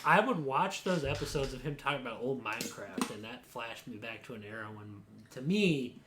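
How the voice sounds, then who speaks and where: A man's voice: mid-range voice, brisk. A young man co-hosting a podcast, rambling in casual chat and saying "dude" often. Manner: rambling, says dude a lot, jumpy and animated. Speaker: podcast co-host. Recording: roomy echo, faint noise.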